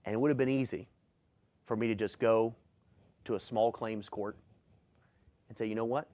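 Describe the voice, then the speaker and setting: A man's voice: lowish voice, fairly even intonation, normal speed, dark tone. A middle-aged male pastor preaching a sermon, reading scripture aloud and driving his points home with emphasis.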